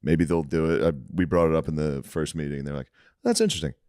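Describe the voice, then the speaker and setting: A man co-hosting a comedy podcast, talking crude and rambling with a slow drawl. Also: extremely low pitch, little pitch movement, warm tone, clear, resonant tone, dry recording, studio quality. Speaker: podcast co-host. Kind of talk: casual podcast banter.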